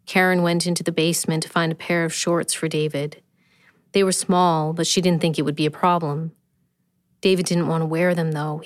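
A woman, the author, reading her own short story aloud in a steady, measured way. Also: fairly low pitch, no room sound, clean studio sound. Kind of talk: scripted narration.

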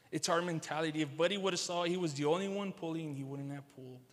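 A male pastor preaches to his congregation in a high-pitched voice. He repeats his key phrases and speaks to the people in front of him directly. His voice carries a long reverb from a large church sanctuary. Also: quick pace, a little hiss or hum. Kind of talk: sermon.

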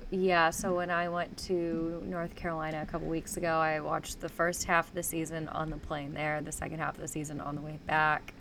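A woman's voice: sits low, level tone, fairly quick, hardly any pauses, a bit bright, slight background noise. A woman co-hosting a podcast, telling stories casually in a rambling, hedging way. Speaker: podcast co-host. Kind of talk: casual chat.

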